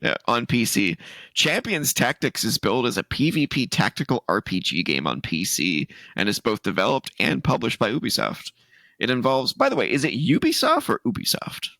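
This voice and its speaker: Brief: Canadian man, gaming podcast co-host, wildly expressive pitch, bright edge, dry close mic. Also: moderate pace, creaky, no room sound. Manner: animated, laughs often, reads articles aloud. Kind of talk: casual gaming podcast chat, reading news aloud.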